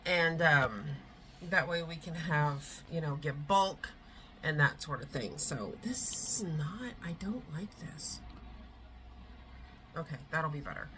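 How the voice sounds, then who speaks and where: A woman's voice: deep voice, expressive, slow pace, fairly bright tone, a little hiss or hum, rough recording. Chatty woman vlogging at home. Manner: rambling, chatty, frequent fillers and yawns. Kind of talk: casual vlog chat. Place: at home, indoors. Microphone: camera on a tripod.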